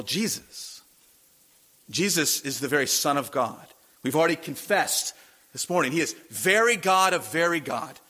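Male pastor, casual preaching style with questions to the room; bright, slightly high voice. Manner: conversational preaching with rhetorical questions. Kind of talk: sermon.

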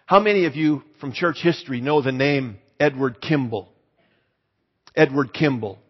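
Preacher telling stories in an echoey hall. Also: male voice, mid-range voice, moderate pace, husky. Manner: conversational, asks the congregation to raise hands. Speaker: pastor. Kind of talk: storytelling sermon. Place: church hall. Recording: echoey hall, slightly dull sound.

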